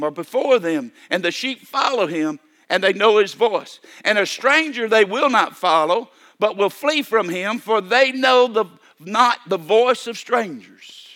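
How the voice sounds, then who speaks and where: High, bright-voiced older preacher. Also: male voice, expressive, unhurried. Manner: repetitive, stammering restarts, calls for amen. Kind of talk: sermon.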